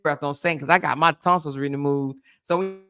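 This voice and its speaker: A woman hosting a livestream. She chats casually with her viewers in an animated, teasing way and reads their comments aloud. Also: sits low, moderate pace, faint music behind. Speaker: livestream host. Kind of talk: casual chat with live viewers.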